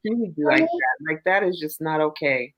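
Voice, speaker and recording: A woman's voice: low-pitched, big pitch swings, moderate pace, noisy background. A woman host responding with sympathy and asking follow-up questions in a casual chat.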